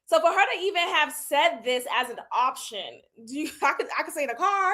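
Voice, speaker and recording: A woman in her thirties giving candid, animated commentary on a reality show and laughing often. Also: high voice, fairly quick. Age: 30s. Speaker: reality TV reviewer. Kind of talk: casual commentary.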